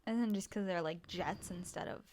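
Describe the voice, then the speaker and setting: A woman's voice: on the low side, fairly quick, darkish tone. A young American woman co-hosting a podcast, joking in casual chat. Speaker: podcast co-host.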